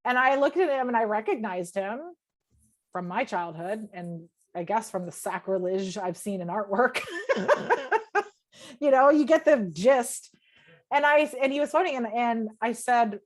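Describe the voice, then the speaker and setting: Her voice is a little high and animated, and she takes her time. As a podcast guest on a video call, this woman recounts a personal story emotionally, cursing freely and frequently voicing what she was thinking to herself.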